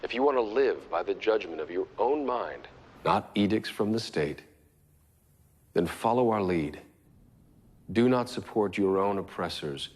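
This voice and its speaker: Defiant rebel leader: low, husky voice, measured and declamatory film address. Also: male voice, animated, a little mellow. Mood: solemn. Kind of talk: dramatic film speech.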